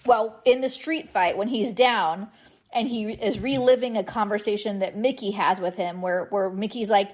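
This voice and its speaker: A woman in her thirties telling stories in a casual podcast chat, animated and laughing often. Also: mid-range voice, moderate pace. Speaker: podcast guest.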